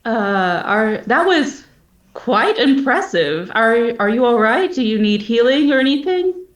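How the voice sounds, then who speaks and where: A woman playing a courteous male adventurer in a tabletop game, speaking slowly in a fairly high voice with polite hesitation. The sound is echoey, as if in a bare room. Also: very animated.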